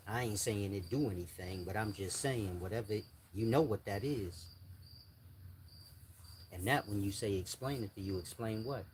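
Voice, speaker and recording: An older man lectures his viewers in blunt street slang. His voice sits low. Crickets and insects chirp faintly in the background. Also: normal speed, a little hiss or hum. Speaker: channel host giving advice. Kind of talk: casual monologue to viewers.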